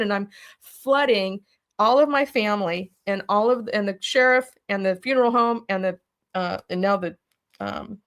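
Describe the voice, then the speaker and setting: A woman's voice: fairly high pitch, fairly bright tone. Urgent, emphatic middle-aged woman. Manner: urgent and emphatic, acts out her own past words in quotes. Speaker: interview guest. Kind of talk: emotional personal storytelling.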